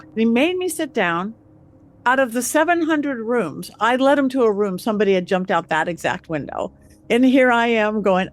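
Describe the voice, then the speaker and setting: Woman guest, bright storyteller who acts out the voices; pitch a touch high. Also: normal speed. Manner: acts out quotes with lively voices. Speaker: guest psychic medium. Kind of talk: animated storytelling.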